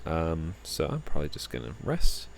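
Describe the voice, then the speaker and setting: A tired young man rambling casually about his trip in a relaxed vlog. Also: very deep voice, normal speed, gravelly, a little hiss or hum. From United States. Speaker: vlogger.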